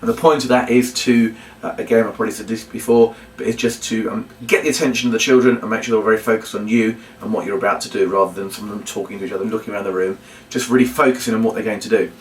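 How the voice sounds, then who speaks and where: A man teaches a children's puppet routine. He hesitates with many ums and breaks into loud, high calls to demonstrate. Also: steady tone, very fast. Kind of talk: instructional demonstration. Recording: roomy, distant mic, faint room noise.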